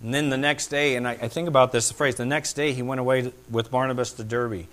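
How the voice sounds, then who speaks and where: A middle-aged male pastor preaching a sermon, swinging between loud, excited peaks and hushed, quiet asides. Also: mid-range voice, fairly quick.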